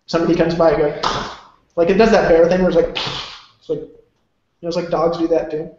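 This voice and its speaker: Quick-paced with little pitch movement, a male motivational speaker with a fairly high voice and dark tone rambles emphatically and curses casually. His audio is very echoey and dull, with a lo-fi room sound.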